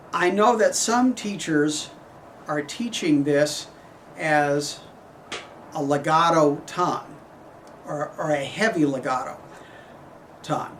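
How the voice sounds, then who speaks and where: Man, horn professor, slow deliberate delivery, fairly high voice, heard from a distance, faint room ambience. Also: fairly bright tone, slight background noise. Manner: measured, explanatory, sings phrases on syllables. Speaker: horn professor giving a clinic. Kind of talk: instructional clinic talk.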